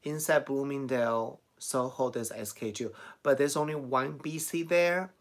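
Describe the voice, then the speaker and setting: Steady in tone, medium in pitch, and moderate in pace, a middle-aged man with a Chinese accent hosts a casual live stream. As a beauty vlogger, he reads out viewer comments, answers them, and often breaks into laughter.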